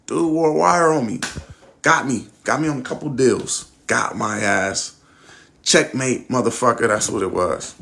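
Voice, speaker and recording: A man's voice: medium pitch, a little slow, gravelly, a bit bright. A young man hosting a podcast, telling a personal story casually, with candid, reflective talk and plenty of swearing. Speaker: podcast host.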